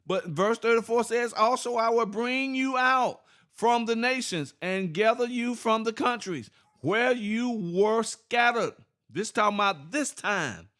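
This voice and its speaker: A man with teaching scripture informally, asking rhetorical questions, laughing and reading verses slowly. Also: extremely high pitch, fairly bright tone. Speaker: Bible teacher.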